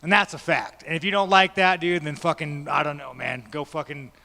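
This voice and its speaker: A man's voice: on the high side, steady tone, brisk, gravelly, pushed and bright. A man, a fighter at a media day, giving blunt, profane, rambling answers to reporters. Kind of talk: press scrum answers. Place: large media day room. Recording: echoey hall.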